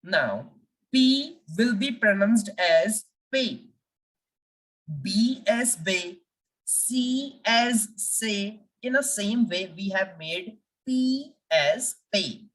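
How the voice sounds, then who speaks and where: A woman teaching the French alphabet, speaking deliberately and repeating each letter for learners. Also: medium pitch, expressive, distant mic, poor audio. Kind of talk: language lesson.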